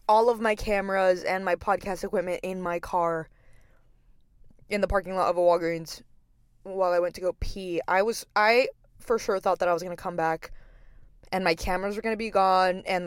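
A woman's voice: medium pitch, clear, resonant tone, dry recording. Chatty young woman podcast host, dry sound. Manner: rambling, profane, filler-heavy; expressive storyteller. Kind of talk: casual monologue.

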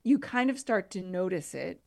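A woman with a fairly low voice chats casually on a podcast, full of lively asides and quick restarts. The sound is dry and close, with no room around her. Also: creaky, dry recording. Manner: chatty, animated, trailing restarts. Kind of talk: casual chat. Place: abroad in Italy, married into an Italian family.

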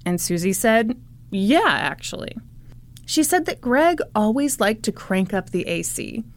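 Excitable woman podcaster, kinda high voice, giggles, swears a lot. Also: moderate pace. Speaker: podcast host narrating a true crime case. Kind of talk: casual storytelling chat.

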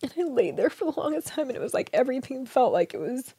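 A woman in an interview, telling a deeply personal story in a tender, hushed way that often sinks to a soft whisper. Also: very animated, fast talker, slightly rough, no room sound. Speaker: interview guest.

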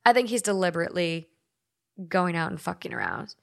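A woman's voice: lowish voice, very animated, a little fast, creaky. A woman from Minnesota hosting a podcast, chatting loosely and reading stories aloud, with lots of "like" and frequent swearing. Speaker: podcast host.

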